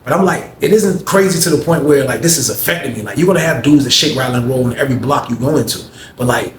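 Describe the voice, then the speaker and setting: A man's voice: medium pitch, fast talker, slight background noise. A man telling a casual story in slangy speech, talking to listeners as y'all. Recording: echoey room with faint ambience.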